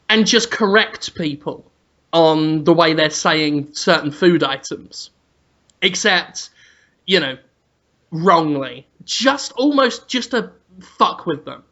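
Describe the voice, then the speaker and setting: A man telling an absurd, vulgar comic story as a podcast co-host. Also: high voice. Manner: animated, vulgar, deadpan absurd. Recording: dull lo-fi audio.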